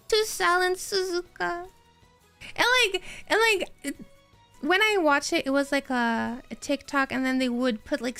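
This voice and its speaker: A woman streamer talks in a high, bright register, taking her time as she chats over her game. Her talk rambles excitedly, doubling back on itself, and she stops to answer her chat. Quiet game music plays underneath. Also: dry recording. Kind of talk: casual live-stream chat while gaming.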